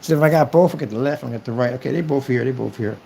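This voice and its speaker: A man's voice: mid-range voice, rapid-fire, vocal fry, dark tone, slight background noise. A young man in a casual, boastful monologue, taunting his critics. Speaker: vlogger. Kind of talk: casual trash-talk monologue.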